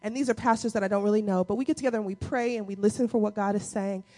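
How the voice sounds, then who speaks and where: A woman's voice: mid-range voice, steady tone, rapid-fire, dark tone. A woman pastor preaching a conversational sermon, acting out quotes as she goes.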